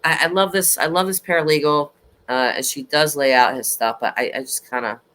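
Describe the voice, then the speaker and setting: A woman hosts a true crime livestream in a loose, chatty way. She rambles and restarts often, and her voice sounds bright and clear. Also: low-pitched, brisk. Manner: rambling, animated, with frequent restarts. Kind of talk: casual chat.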